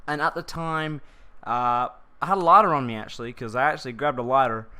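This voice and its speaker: A man's voice: medium pitch, a little fast, bright, forceful tone, clean tone. A man telling a personal story for his vlog in a rambling, slangy way, restarting his sentences often.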